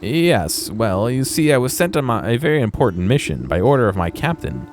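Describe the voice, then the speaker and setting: A man's voice: mid-range voice, very animated, brisk, darkish tone, soft background music, natural voice. A man voicing a nervous, fussy male quartermaster in a video game, stammering as he talks. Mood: flustered.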